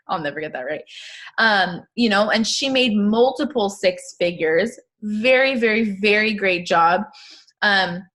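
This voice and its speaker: A woman talks to her sales team in a loose, chatty live-stream pep talk. She fills her sentences with "like" and "you know" and breaks into little asides. Her voice sits at an ordinary middle pitch and turns emphatic whenever she pushes a point. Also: a bit bright. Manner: casual, chatty, lots of fillers and asides; upbeat and emphatic.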